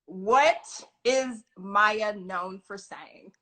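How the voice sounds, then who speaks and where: A woman's voice: medium pitch, drawn-out words, sharp tone. A woman hosting a casual live video chat interview, reading out trivia questions and laughing along. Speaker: interview host. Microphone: phone or laptop on a live video call.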